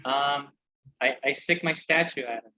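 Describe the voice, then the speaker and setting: A man's voice: mid-range voice, normal speed, pushed and bright. A man player at a tabletop game, laid-back, often restarting his words. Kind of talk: casual chat at a tabletop game.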